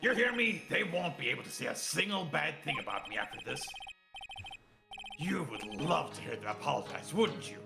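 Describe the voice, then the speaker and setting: A man's voice: fairly high pitch, big pitch swings, fairly quick, creaky, over music. A man voicing a pompous, grandiose middle-aged client in a game read-along. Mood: gloating. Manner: grandiose, wheedling.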